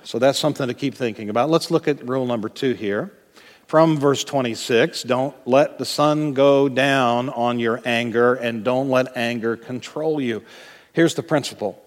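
A middle-aged man preaching a sermon, animated and jokey, acting out quoted lines as he goes. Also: mid-range voice, moderate pace. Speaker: pastor. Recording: long hall reverb.

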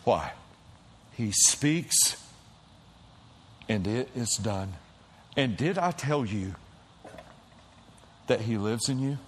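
A middle-aged male pastor preaching a sermon in a church, telling stories dramatically, dropping to a hush and then shouting as he acts out the quotes. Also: mid-range voice, animated, drawn-out words, long pauses, slight background noise. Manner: dramatic storytelling, acting out quotes, swings from hushed to shouting. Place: church auditorium.

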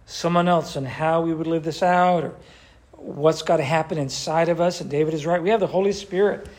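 A man's voice: fairly high pitch, steady tone, a little fast, a little mellow. An older man, a pastor, teaching a church class in a conversational way and asking the group questions.

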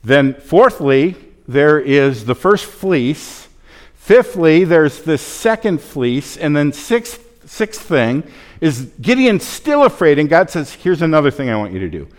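Lively pastor preaching in a reverberant hall. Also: male voice, fairly high pitch, slow pace. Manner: lively, conversational, joking asides. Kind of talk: sermon.

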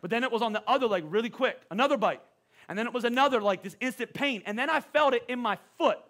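High, bright-voiced male preacher. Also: fast. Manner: animated storytelling with self-deprecating humor. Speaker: pastor. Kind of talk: sermon.

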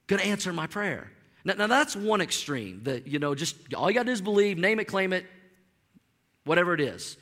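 A man preaching a sermon as pastor, animated and emphatic, with frequent stammered restarts. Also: sits high. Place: church sanctuary. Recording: long reverb of a large hall.

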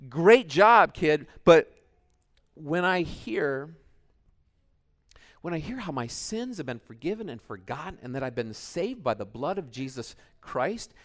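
A middle-aged man preaching a sermon, animated, swinging between shouted cheers and quiet asides. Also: on the high side. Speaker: pastor.

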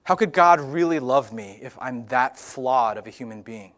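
A young man telling a comic personal story in a sermon-style talk, animated and lively. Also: mid-range voice, moderate pace.

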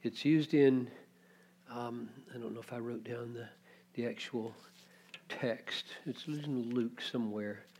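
A male preacher teaches through a passage at a measured, unhurried pace, pausing on rhetorical questions. His voice sits at an ordinary pitch and swings from hushed to loud when he acts out quoted lines. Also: husky. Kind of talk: expository sermon.

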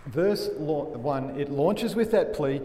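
Slow, earnest preacher in an echoey hall. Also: male voice, on the high side, animated, warm tone. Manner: earnest, emphatic preaching with dramatic drops in volume. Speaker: pastor. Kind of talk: sermon. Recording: echoey hall with faint room noise.

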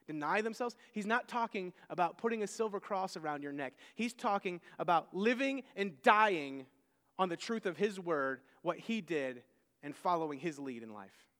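A man with a very high voice delivers a sermon, pressing his points with emphasis. He often restarts and repeats words mid-thought. His voice carries a long reverb from a large hall. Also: lively intonation, moderate pace, a bit bright. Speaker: preacher.

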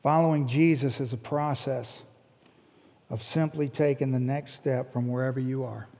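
Gravelly middle-aged preacher, reverberant hall. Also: male voice, medium pitch, moderate pace. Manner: animated storyteller, voicing the people in his story. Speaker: pastor. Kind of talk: sermon storytelling.

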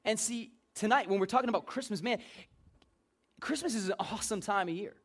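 Bright high-voiced joking preacher man. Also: a little fast. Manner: joking, conversational, lively. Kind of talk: informal sermon.

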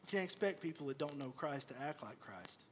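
A middle-aged pastor delivers a sermon in a voice pitched higher than most men's. He tells stories in an animated way, acting out the lines of the people in them. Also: brisk, a little hiss or hum. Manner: storytelling, animated, acts out quoted voices.

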